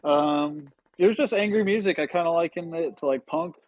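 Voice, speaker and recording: A man's voice: on the high side, moderate pace, darkish tone, no echo, poor audio. Laid-back man in a dry studio. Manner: laid-back, swears freely, many fillers. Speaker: podcast guest. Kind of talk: casual podcast chat. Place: podcast studio.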